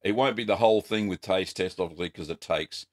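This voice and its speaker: An Australian man hosting a casual live-stream question-and-answer show, chatty and relaxed with frequent ums. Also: low-pitched, fairly quick. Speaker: host.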